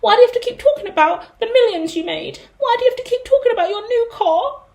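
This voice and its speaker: A woman's voice: extremely high pitch, very animated, a little slow, voice pushed up, full character voice. A woman voicing a self-pitying, whiny, jealous person who complains plaintively.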